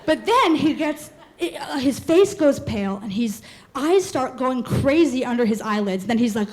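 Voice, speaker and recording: High-voiced young woman telling a comic story. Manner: animated, quick, laughing through lines. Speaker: comedic storyteller. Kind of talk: live stand-up storytelling. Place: live performance venue.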